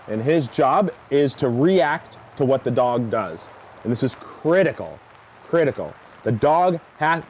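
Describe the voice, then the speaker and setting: A man teaching a dog training seminar, lecturing in an animated way and acting out reactions. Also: medium pitch, slight background noise. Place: seminar venue.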